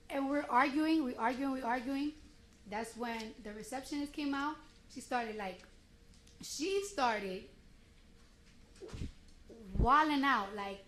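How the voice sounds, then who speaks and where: A woman testifying in a courtroom, retelling a confrontation in a blunt, animated, slangy way and acting out what each person said. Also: high voice, moderate pace. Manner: blunt and animated, slangy street speech, acts out quotes. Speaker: witness testifying. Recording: roomy courtroom sound, faint noise.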